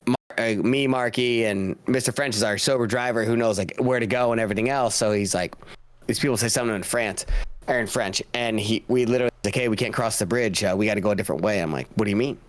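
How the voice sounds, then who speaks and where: A man's voice: fairly low pitch, quick pace, dry recording. A man guest on a podcast, telling rambling, profane stories in a casual way and laughing as he goes. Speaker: podcast guest, paintball player. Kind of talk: casual storytelling.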